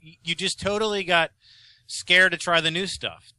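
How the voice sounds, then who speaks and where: A man's voice: high-pitched, steady tone, moderate pace, bright, forceful tone, clear, resonant tone, dry recording, poor audio. A man co-hosting a casual podcast chat, teasing and blunt as he pokes fun at his co-host.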